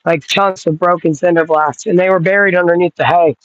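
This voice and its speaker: A woman's voice: lowish voice, fairly even intonation, a little fast, no echo, highs cut off. A woman vlogging from her yard in a loose, rambling way, cooing at dogs and swearing casually. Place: outdoors in a yard.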